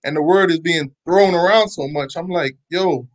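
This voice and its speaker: A man's voice: a little high, moderate pace, poor audio. A man from Jamaica, speaking thoughtfully in a casual chat.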